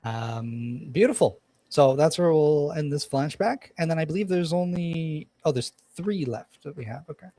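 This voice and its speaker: A man's voice: a little high, moderate pace, hardly any pauses, warm tone. Guy gm narrating a dnd session, lots of ums and restarts, kinda rambly. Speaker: game master. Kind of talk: narrating a tabletop game.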